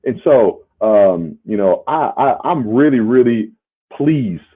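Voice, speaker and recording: With a mid-range, slightly rough voice, this ex-player and podcast co-host talks sports casually at a slow pace with lively intonation. He drives home emphatic, punchy points with tag questions, over tinny, phone-like audio.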